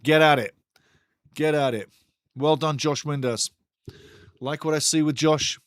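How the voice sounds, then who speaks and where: A man hosting a live football watch-along, commenting on play with excitable, sweary banter aimed at his chat. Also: fairly high pitch, measured pace, clean tone, no room sound, studio quality.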